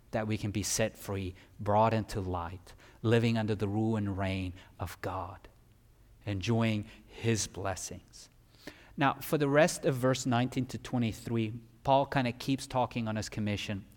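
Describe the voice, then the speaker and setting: A male pastor preaching a sermon emphatically, swinging from loud peaks down to quiet. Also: lowish voice, moderate pace. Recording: long hall reverb.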